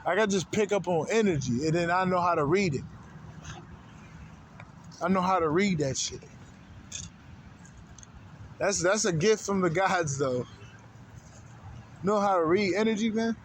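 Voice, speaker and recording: A man's voice: sits high, normal speed, pauses often, slight background noise. A man hosting an unscripted spiritual monologue, talking in loose, profane slang, rambling from one thought to the next. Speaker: spiritual channel host.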